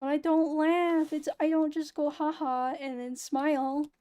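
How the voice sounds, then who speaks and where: A young woman streaming casually, talking in a flat, low-energy, near-monotone way, with a hoarse voice and a sound like she is close to crying. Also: moderate pace. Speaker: VTuber streamer. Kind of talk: casual late-night stream chat.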